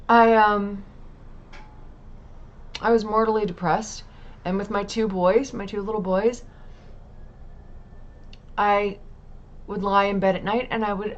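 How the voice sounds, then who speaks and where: A woman speaks to a camera, telling her story in a candid, emotional way with the odd casual swear word. Her voice sits at a middle pitch. A faint background hiss runs beneath it. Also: highs cut off. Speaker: mother sharing a testimony. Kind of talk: personal testimony vlog. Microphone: talking to camera.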